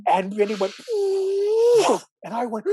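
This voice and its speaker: A man, a podcast guest telling a personal story in casual chat, animated, swearing now and then and acting out what people said. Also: fairly high pitch, fairly quick, over a noisy crowd. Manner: animated, excitable, swears, acts out quotes.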